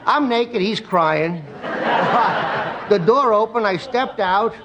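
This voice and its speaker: A comedian telling jokes and stories as a talk show guest, animated and doing voices and sound effects. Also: male voice, sits high, slow, highs cut off, a loud crowd, heavy background noise. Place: television studio with live audience. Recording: studio audience laughter behind.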